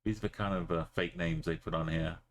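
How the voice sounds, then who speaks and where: A man's voice: sits low, fairly even intonation, a little fast. A man streaming a map game, talking in a rambling, jokey way. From Britain. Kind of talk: casual gaming commentary.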